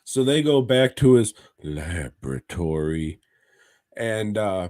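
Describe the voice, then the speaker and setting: A man co-hosts a podcast in casual, profane chat and rambles through stories. His voice sits low and moves slowly. The sound is close and completely dry. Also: no room sound. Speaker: podcast co-host.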